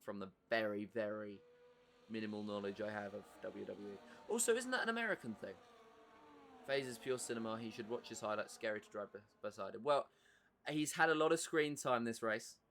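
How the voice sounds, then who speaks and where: A man's voice: medium pitch, big pitch swings, brisk, fairly bright tone. A man with an English accent giving live commentary on an online racing league, chatty and answering viewer messages between race updates.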